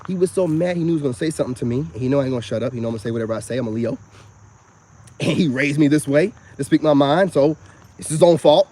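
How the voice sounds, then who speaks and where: A man rambles through a long personal story, his voice sitting a little high for a man. He talks casually and animatedly to the camera, out of doors, with crickets chirping behind him. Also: very fast. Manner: rambling, animated storytelling with frequent "you know what I'm saying". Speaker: self-styled spiritual vlogger.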